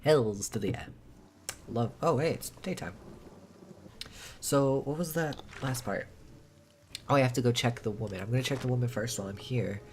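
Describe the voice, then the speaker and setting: A man streaming a role-playing game, reading its text aloud and reacting with excited swearing. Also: mid-range voice, normal speed, pauses often, a little hiss or hum. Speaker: gameplay streamer.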